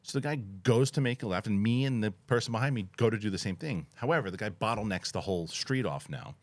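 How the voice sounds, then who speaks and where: Animated man telling a road story. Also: fairly low pitch, quick pace. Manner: animated storyteller, acts out yelling voices, laughs. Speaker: podcast co-host. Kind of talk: casual storytelling chat.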